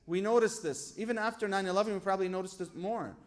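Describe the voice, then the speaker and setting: A sheikh with a high-pitched voice talks fast as he delivers a sermon in a lecture hall at a religious gathering. He draws on stories from his own life, poses rhetorical questions, and quotes scripture.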